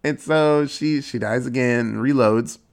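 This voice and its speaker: A man's voice: mid-range voice, measured pace. A man retelling a story in casual chat, loose and rambling, with lots of "like" and easy swearing.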